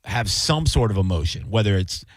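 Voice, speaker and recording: A man hosting a radio aftershow in casual chat, animated and laughing, acting out quotes in put-on voices. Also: fairly low pitch, normal speed, dry recording. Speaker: radio host.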